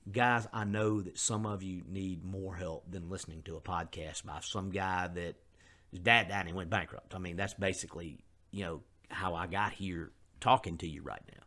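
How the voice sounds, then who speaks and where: A middle-aged man with a drawl talks through a motivational podcast in a fairly low voice. He sounds earnest and conversational, freely owning up to his mistakes. His speech is loose and full of fillers. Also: fairly even intonation, moderate pace, pushed and bright. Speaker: podcast host. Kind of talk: candid motivational podcast monologue.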